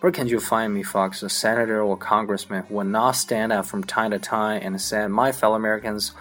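A man whose first language is Chinese, reading a comic monologue aloud in English with a lively storytelling delivery. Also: on the low side, a little fast. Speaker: English learner practicing accents.

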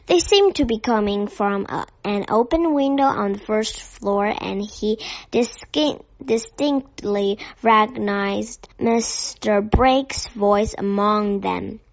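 A woman narrating a children's story with a gentle, careful reading. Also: mid-range voice, takes it slowly, no room sound. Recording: dull dry lo-fi recording.

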